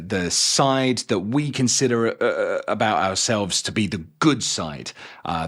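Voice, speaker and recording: Chatty man with a mild Cockney accent. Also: on the low side. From England. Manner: chatty, animated, jokes and quick asides. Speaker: book reviewer. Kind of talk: casual video review.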